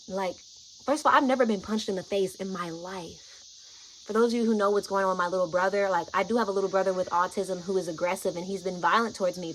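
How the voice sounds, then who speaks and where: A woman vlogger casually telling a personal story to camera, soft and soothing when she quotes herself, rising sharply at shocking moments. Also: a little high, slight background noise, rough recording.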